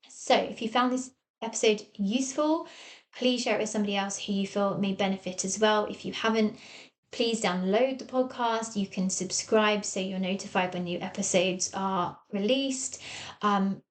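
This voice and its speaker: A woman's voice: medium pitch, normal speed. An English woman with an English accent, a therapist hosting her own podcast from a small office and talking listeners through ideas in a coaching tone. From England. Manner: warm coaching tone, acts out quoted voices. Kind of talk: solo podcast talk.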